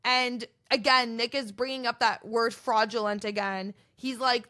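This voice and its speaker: A young woman hosting a podcast, chatting in an animated, gossipy way and acting out what others said. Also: a little high, measured pace, hardly any pauses. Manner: animated, gossipy, acts out quoted contestants. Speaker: podcast host recapping reality TV. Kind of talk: casual chatty recap.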